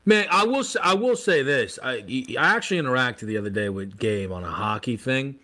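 Bright, lively-voiced sports radio host. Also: male voice, mid-range voice, a little fast. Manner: incredulous, rhetorical questioning. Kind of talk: casual sports talk radio.

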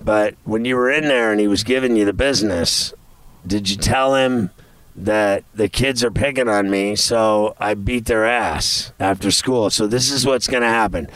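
A man's voice: on the low side, moderate pace, fairly bright tone, dry recording, rough recording. A man interviewing a guest, asking blunt, joking follow-up questions. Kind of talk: conversational interview.

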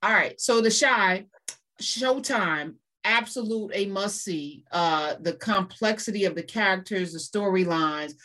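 A woman's voice: mid-range voice, unhurried, pushed and bright. A woman hosts an interview in a chatty, teasing tone. She talks casually and playfully with her guest. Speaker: interviewer, host.

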